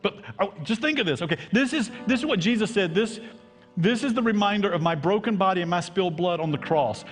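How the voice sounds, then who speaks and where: Middle-aged Southern preacher, man, higher-pitched voice, impassioned sermon with hushed dips, echoing sanctuary. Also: lively intonation, a little fast. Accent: Southern American. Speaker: pastor. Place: church sanctuary. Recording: long hall reverb, faint music.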